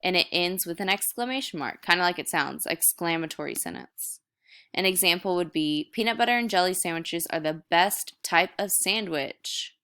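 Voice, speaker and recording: A young woman teaching a recorded lesson, with a bright, crisp voice set a little low. She walks through each point step by step in easy, casual teacher talk. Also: normal speed.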